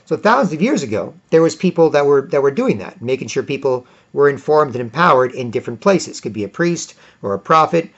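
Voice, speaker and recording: A man's voice: mid-range voice, very animated, a little fast, few pauses, fairly bright tone. A middle-aged man vlogging in a rambling monologue. He repeats himself and often asks "right?". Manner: repetitive, asks "right?" often, jumps between topics. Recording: dull lo-fi recording.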